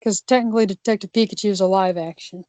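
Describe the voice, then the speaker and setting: A woman's voice: medium pitch, steady tone, fast talker, warm tone, no room sound. A woman cohosting a casual podcast discussion, rambling with many restarts and fillers.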